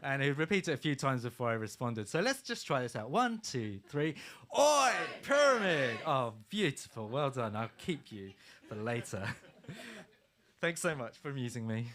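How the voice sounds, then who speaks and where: A man's voice: medium pitch, moderate pace. A man fronting a band, joking casually with the audience between songs in a studio live room. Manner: relaxed, joking, with filler ums. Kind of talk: casual stage banter.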